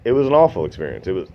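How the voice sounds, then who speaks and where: A man telling a long comic story in a deadpan, rambling way, swearing often. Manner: deadpan, rambling, swears a lot, voices others in a raised pitch. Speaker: storytelling comedian. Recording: dull lo-fi recording with faint noise.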